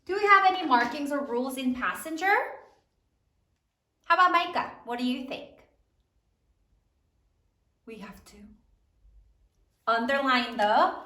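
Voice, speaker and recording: A woman teacher leading a spelling lesson for third graders, slowly sounding out each letter and praising her students often. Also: fairly high pitch, pushed and bright, reverberant.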